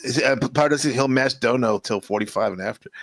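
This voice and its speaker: Stream host, male, mid-pitched, easygoing, dry close sound. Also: fairly quick, a bit bright, dry recording. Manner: laid-back, thanks donors in passing. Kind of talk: casual livestream chat.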